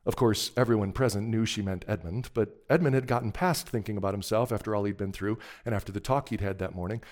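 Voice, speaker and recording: A male preacher delivers a sermon. He retells a familiar story in a relaxed, conversational way, stopping now and then to ask his listeners whether they remember it. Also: fairly low pitch, fast.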